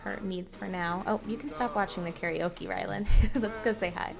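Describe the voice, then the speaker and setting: A woman's voice: medium pitch, fairly even intonation, moderate pace, vocal fry. A woman hosting a let's play, chatting casually as she narrates her game with fillers and small laughs. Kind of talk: casual gameplay commentary. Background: game music.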